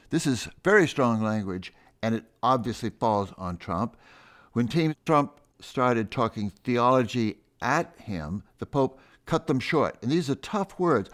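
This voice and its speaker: A man's voice: medium pitch, expressive, unhurried, fairly bright tone. A man hosting a radio interview show, asking probing questions and summing up with emphasis. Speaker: radio host.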